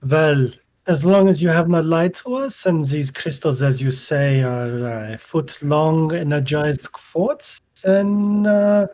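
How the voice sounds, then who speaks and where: A man's voice: a little high, slow, a little mellow, slight background noise. A man voicing a coolly menacing, courtly wizard. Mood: threatening. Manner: formal, menacing politeness. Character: haughty, courteous male wizard.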